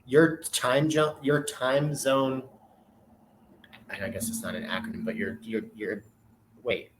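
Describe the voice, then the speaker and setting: A man's voice: medium pitch, flat delivery, measured pace, slight background noise. A man chatting as a guest over a video call, playful and rambling, asking question after question. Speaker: podcast host and guest. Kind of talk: casual video call chat.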